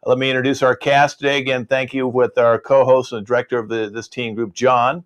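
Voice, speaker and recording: A man hosting a live online improv show over a video call, relaxed and chatty, with frequent pauses. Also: mid-range voice, a little hiss or hum.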